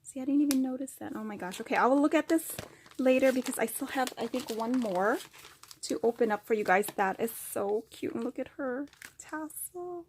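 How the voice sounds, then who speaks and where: A woman's voice: high-pitched, animated, moderate pace, a little mellow. A woman vlogger opening craft mail, gushing with delight and gasping often. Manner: gushing, gasps and exclaims often. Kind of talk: excited unboxing chat. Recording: faint crinkling paper noise.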